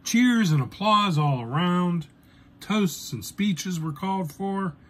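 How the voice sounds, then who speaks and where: Slow, dryly humorous male storyteller. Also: sits high, animated, a bit bright. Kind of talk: first-person storytelling.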